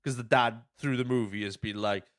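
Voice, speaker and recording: In a dry, studio-quality recording, a podcast host with a steady, mid-range, slightly bright voice talks briskly in casual chat. He tells stories with lots of swearing and acts out the quotes.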